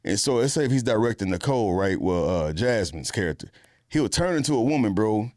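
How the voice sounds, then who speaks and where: A man, an actor, chatting casually in an interview, relaxed and slangy with lots of fillers. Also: lowish voice, a little fast, dry recording, clean studio sound. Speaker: actor guest.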